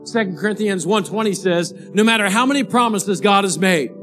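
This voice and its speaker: High-voiced animated male pastor. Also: a little fast, hardly any pauses, soft background music. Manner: animated storyteller, rising to excited shouting at the climax. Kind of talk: sermon with storytelling.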